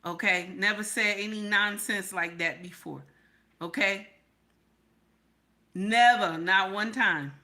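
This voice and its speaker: A woman's voice: medium pitch, pushed and bright. A woman giving blunt, emphatic reaction commentary, often repeating "Okay?" for emphasis.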